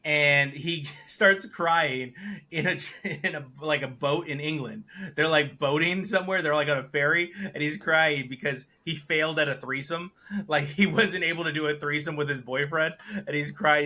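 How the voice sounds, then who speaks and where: A man co-hosting a podcast, chatting casually about movies he watched and acting out the lines he quotes. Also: normal speed. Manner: animated, acts out quotes with big jumps in pitch and volume. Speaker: podcast co-host reviewing films. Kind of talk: casual chat.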